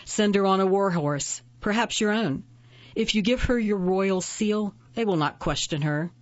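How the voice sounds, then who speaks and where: A woman's voice: medium pitch, measured pace, dry recording, muffled recording, close to an everyday voice. A woman voicing a proud, defiant imprisoned witch who answers with cold, cutting retorts, in a storybook reading. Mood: scornful.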